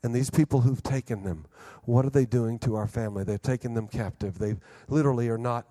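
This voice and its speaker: A middle-aged man preaching a sermon, telling stories with lively sound effects and restarts. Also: medium pitch, a little fast. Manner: animated storyteller who acts out scenes with vocal sound effects; repeats and restarts words in bursts. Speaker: pastor. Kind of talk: sermon with storytelling.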